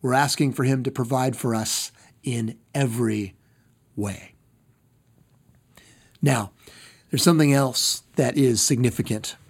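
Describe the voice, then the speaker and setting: Slow talking pastor guy giving a sermon, kinda husky, drops quiet at the end of lines. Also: mid-range voice. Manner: slow, deliberate, repeats phrases for emphasis.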